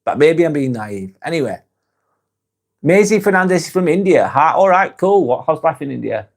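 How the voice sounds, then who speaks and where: A man's voice: fairly high pitch, very animated, moderate pace, vocal fry. Blunt, chatty British man on a live stream. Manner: blunt, swears casually, chatty and laughing. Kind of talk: casual live-stream chat reading comments.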